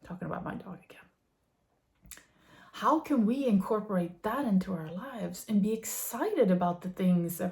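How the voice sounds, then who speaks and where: A woman in her thirties or forties giving a gentle, earnest spiritual musing to her viewers, with many fillers and soft laughs. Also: medium pitch, expressive, normal speed. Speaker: vlogger.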